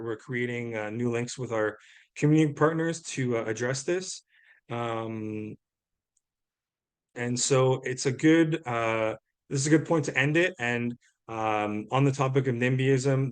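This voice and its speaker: A man's voice: medium pitch, clear, resonant tone. Earnest man explaining housing. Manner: earnest, explanatory, many fillers. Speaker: housing presenter. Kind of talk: webinar presentation and Q&A.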